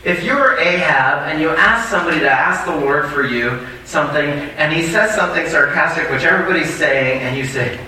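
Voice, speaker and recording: A male pastor reads scripture in a bright, forceful voice, stopping now and then for asides to the congregation. He sounds distant from the mic, and his words ring through a very echoey church hall with faint background noise. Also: on the high side, animated, a little fast, few pauses. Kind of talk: sermon reading scripture with commentary.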